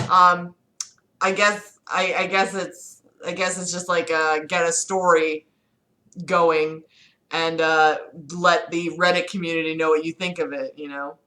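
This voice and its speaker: A woman's voice: on the low side, steady tone, unhurried, pushed and bright, low-quality recording. A young woman streamer chatting casually and reading aloud, giggly and rambling.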